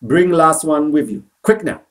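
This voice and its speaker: A man voicing a patient old Japanese man in a storybook reading, speaking slow, halting broken English with a put-on Japanese accent. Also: fairly high pitch, expressive, voice pushed up. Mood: urgent.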